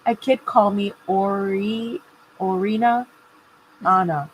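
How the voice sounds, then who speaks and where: A woman's voice: mid-range voice, steady tone, slow pace, slight background noise. A woman hosting a casual craft livestream, chatting and laughing often and greeting viewers by name.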